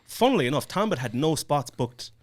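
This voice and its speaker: A man's voice: on the high side, a little fast. A man co-hosting a podcast, telling stories in casual chat with swearing. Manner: animated, swearing storyteller. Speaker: podcast co-host.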